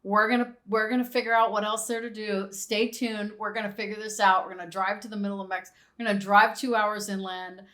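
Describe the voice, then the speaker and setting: A middle-aged woman co-hosting a casual podcast, telling a travel story with lively, acted-out quotes. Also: mid-range voice, fairly quick, few pauses. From San Diego area. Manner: animated storytelling, acts out quoted people. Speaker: podcast co-host. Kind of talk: casual chat.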